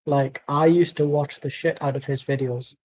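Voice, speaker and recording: A man ranting through a live football watchalong, swearing often and turning every remark sarcastic. His voice sits a little high for a man but sounds mellow and dark. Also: fairly even intonation, moderate pace, poor audio. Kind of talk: live match commentary and rant.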